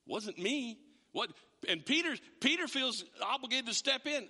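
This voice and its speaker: A man preaching a sermon as a pastor, in an animated, conversational way with frequent restarts. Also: high voice, moderate pace, long reverb tail.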